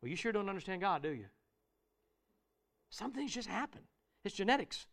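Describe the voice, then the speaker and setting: A man preaching a sermon in an earnest, conversational way, breaking into sudden loud exclaimed asides. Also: high-pitched, sing-song, moderate pace.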